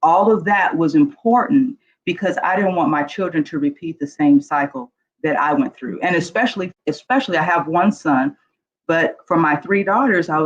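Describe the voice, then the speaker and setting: Frank middle-aged woman on a dull call. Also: deep voice. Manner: frank, earnest, conversational. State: emotional. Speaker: guest panelist. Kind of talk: candid personal storytelling. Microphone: video call.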